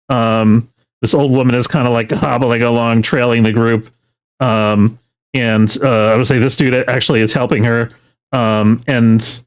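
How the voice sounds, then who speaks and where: A man narrating as game master, loose and full of fillers, slipping into quick character lines. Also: medium pitch.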